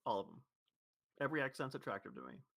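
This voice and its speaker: A man's voice: medium pitch, lively intonation, fast, gravelly, fairly bright tone, no echo. A man from Louisville with a neutral, accentless American voice, chatting casually and rambling through restarts and corrections. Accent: neutral General American. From Louisville, Kentucky. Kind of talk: casual chat.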